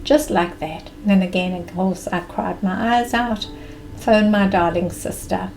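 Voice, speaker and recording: A woman telling a personal story with expressive, animated delivery and vivid present-tense retelling. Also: lowish voice, a little slow, faint music behind, poor audio.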